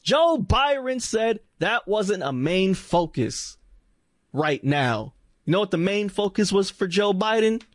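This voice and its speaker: A man with a fairly high voice co-hosts a casual podcast chat. He talks in an animated, mocking way and breaks into loud exclamations. The close mic sounds dry, with no room around it. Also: slow pace, dry recording. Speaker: podcast co-host.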